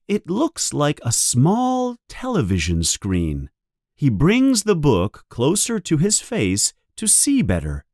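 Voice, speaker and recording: A man narrates a storybook in a clear, deliberate way for learners. He talks very slowly with widely rising and falling pitch. The recording is close and dry. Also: wildly swooping pitch, a little mellow, no room sound. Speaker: audiobook narrator.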